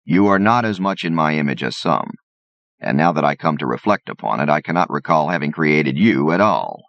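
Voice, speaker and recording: A man voicing a pompous male God who speaks in stentorian, archaic tones, slow and solemn, on a dull, lo-fi audiobook recording. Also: very deep voice, animated, creaky, a bit bright, heavily acted.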